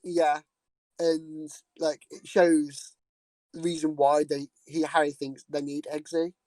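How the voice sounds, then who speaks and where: A man's voice: a little high, flat delivery, takes it slowly, darkish tone, dry recording, rough recording. A man co-hosting a podcast, chiming in on a movie recap with frequent laughs and fillers. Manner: laughs often, lots of "like" fillers, chimes in. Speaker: podcast co-host. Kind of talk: casual movie recap chat.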